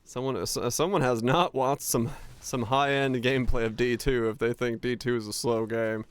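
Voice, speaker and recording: A man's voice: mid-range voice, fairly even intonation, moderate pace, clear, resonant tone. A young man streaming a game, chatting casually and swearing freely while he plays. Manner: casual, profane, chatty with chat. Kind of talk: casual gaming stream chat.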